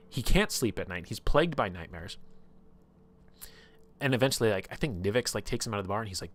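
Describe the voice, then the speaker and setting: Man, somewhat low voice, casual rambling campaign recap, lots of filler words. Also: expressive, a little fast, a bit bright. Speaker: streamer recapping a tabletop campaign.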